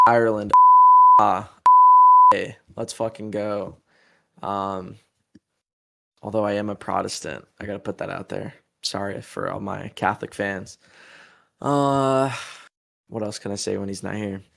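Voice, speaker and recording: Gravelly laid-back young man. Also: fairly low pitch, pushed and bright. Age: young adult. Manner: laid-back, profane, laughs often. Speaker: musician being interviewed. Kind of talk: casual interview.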